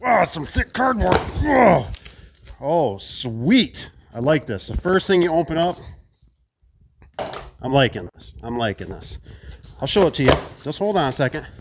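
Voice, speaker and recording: A man talking through a casual unboxing vlog, full of enthusiasm and wandering off on asides as he goes. His pitch swings widely and lively, and a faint hum of noise sits behind him. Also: moderate pace, creaky. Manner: chatty, enthusiastic, rambling asides to viewers. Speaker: garage door installer.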